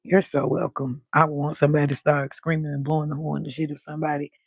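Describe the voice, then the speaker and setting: Gravelly, husky woman chatting late at night. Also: low-pitched, quick pace, no room sound. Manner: loud, animated, cusses freely. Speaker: livestream host. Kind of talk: late-night livestream chat. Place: balcony outdoors at night.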